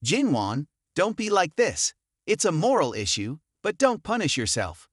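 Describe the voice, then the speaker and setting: A man's voice: on the high side, wildly swooping pitch, unhurried, no room sound, clean studio sound, full character voice. Man voicing a worried, soothing auntie. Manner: pleading, soothing.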